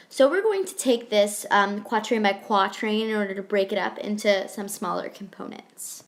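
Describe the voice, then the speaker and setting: A woman's voice: mid-range voice, vocal fry. A young woman teaching a lesson over a screen recording, explaining in an upbeat, chatty way with little asides.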